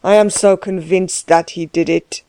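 A woman voicing a gruff, overbearing middle-aged man who questions people curtly and pushily in a storybook reading. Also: fairly low pitch, steady tone, unhurried, warm tone, dry recording, close to an everyday voice. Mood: menacing. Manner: curt, pushy questioning.

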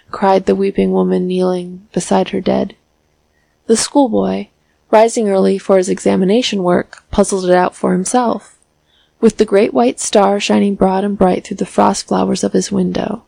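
A woman reading a classic story aloud as an audiobook narrator, in a measured, steady, phrase-by-phrase delivery. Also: medium pitch, gravelly, no echo, poor audio.

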